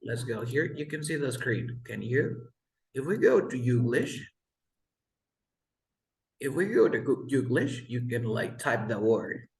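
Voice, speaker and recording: A male English tutor speaks slowly and deliberately on a video call, repeating each word so his student can copy it. His voice carries a roomy echo, as if he is in a bare room. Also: mid-range voice, big pitch swings, gravelly, a little mellow. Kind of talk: online one-on-one English lesson.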